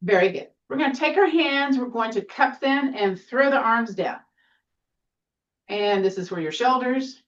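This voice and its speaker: Gentle woman leading a chair exercise class. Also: a little high, animated, measured pace, distant mic, muffled recording. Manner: gentle, encouraging, playful cues. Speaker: tai chi instructor.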